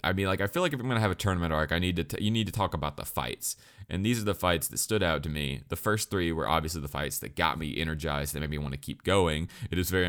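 A man's voice: sits low, fairly bright tone. A man giving a rambling, profane spoken review, full of restarts and stutters. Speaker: anime reviewer.

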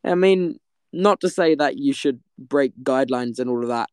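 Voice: medium pitch, moderate pace, a little mellow, clear, resonant tone, no room sound. A young adult vlogger, telling a story to camera in a giggly, rambling way that trails off mid-sentence.

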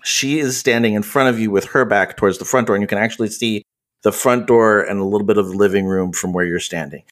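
Man, game master, lower pitch, halting scene narration. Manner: descriptive, halting with fillers.

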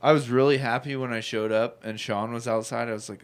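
A man's voice: medium pitch, steady tone, fairly quick. A man hosting a casual podcast, teasing his friends and swearing freely. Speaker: podcast host.

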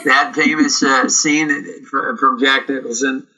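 A middle-aged man from Canada, a guest actor telling lively anecdotes and acting out quoted dialogue. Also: mid-range voice, takes it slowly, low-quality recording. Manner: animated, acts out quoted dialogue. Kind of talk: casual storytelling interview.

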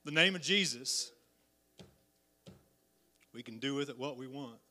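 Man, preacher, sermon, slow delivery, soft scripture reading, loud animated outbursts. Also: mid-range voice. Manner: animated, acts out roars and bully voices, swings from soft to shouting.

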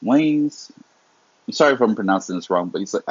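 A young man talks in a heated, rambling way, swears freely and restarts his sentences often. His voice is low and husky. The recording is dry and dull, with a lo-fi tone. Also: lively intonation, a little fast, no room sound. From immigrant family. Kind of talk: casual unscripted monologue.

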